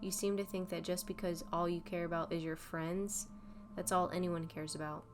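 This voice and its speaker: A woman's voice: fairly low pitch, flat delivery, moderate pace, music in the background, close to an everyday voice. A woman voicing a spiteful teenage girl who talks in a sarcastic, sneering way. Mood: scornful.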